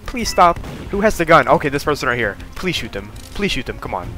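Male game streamer, excitable and jokey commentary, bright, pitch jumps all over. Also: a little fast, soft background music. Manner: excitable, jokey, reads chat aloud, frequent laughs. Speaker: gaming video creator. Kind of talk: casual gameplay commentary.

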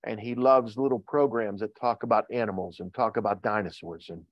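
An older man preaching a sermon as pastor, reading scripture slowly with rising emphasis, then talking plainly to his church. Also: on the low side, dry recording. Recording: dull lo-fi sound.

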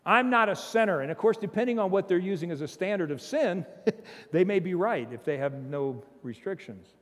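A man preaching a sermon as pastor, emphatic, swinging from loud bursts to low, intense passages, with humorous asides and chuckles. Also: animated, moderate pace, long reverb tail. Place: church sanctuary.

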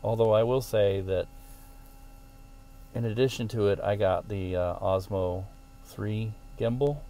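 A man talking casually to his handheld camera for a vlog, rambling and halting with lots of fillers. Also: sits low, creaky, dark tone, slight background noise. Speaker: vlogger. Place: outdoors in wind, on the move. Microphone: action camera on a handheld gimbal.

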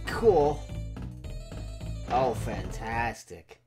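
A hoarse man hosting casual let's-play commentary, venting dramatically and animatedly on a voice call. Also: medium pitch, lively intonation, very slow, a little mellow, soft background music. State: hoarse, sore throat. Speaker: main host of a gaming channel.

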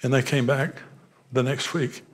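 A man's voice: medium pitch, steady tone, unhurried. A man preaching as a pastor, telling personal stories in an earnest, direct way.

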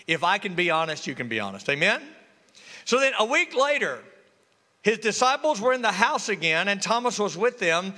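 A high, bright man's voice, swooping up and down as a pastor preaches and jokes with his congregation. His call-and-response sermon carries through a reverberant church hall. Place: church sanctuary.

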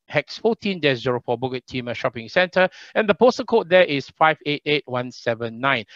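A man's voice: medium pitch, fairly bright tone, no room sound, lo-fi sound. A Singaporean man hosting an online political rally over a video call, chatty, with many fillers and repeats. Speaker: rally emcee.

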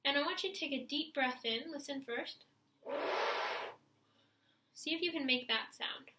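A woman's high voice moves at a measured pace in a reverberant, very noisy recording. It's an instructional clarinet video, where she encourages her students and leads them step by step through stretches and breathing, with audible breaths and sighs as she demonstrates.

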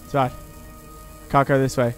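A man giving goofy, swearing let's-play commentary, shouting during fights. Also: medium pitch, little pitch movement, moderate pace, clean tone, faint music behind. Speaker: gameplay commentator.

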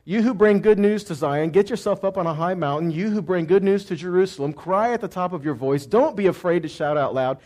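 High-voiced man preaching a lively sermon. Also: brisk, hardly any pauses. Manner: asks the audience questions and answers them himself; swings between loud cries and quiet asides. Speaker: messianic teacher. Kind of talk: teaching sermon.

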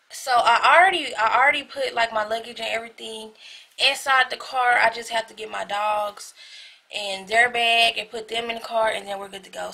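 A young woman vlogging in a casual, chatty way from inside a car, excitable and freely swearing while she drives. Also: on the high side, vocal fry, no echo, poor audio. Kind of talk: casual vlog chat.

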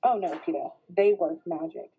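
A woman's voice: fairly low pitch, moderate pace, warm tone, slight background noise, lightly acted, poor audio. A woman reading the lines of a guarded teenage girl who answers brusquely and defensively.

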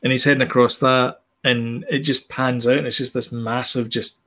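A man's voice: mid-range voice, flat delivery, moderate pace, pushed and bright. A man co-hosting a casual podcast chat, talkative and detailed, restarting his sentences often. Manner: chatty, many fillers and restarts, explains details. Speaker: podcast co-host.

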